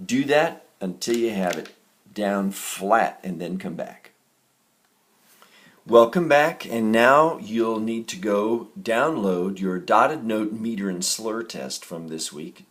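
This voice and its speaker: Slow and fairly low-pitched, this male teacher patiently walks through note values in a recorded lesson on reading music. He chants the beat counts in a raised voice, keeps his explanations steady, and occasionally corrects himself.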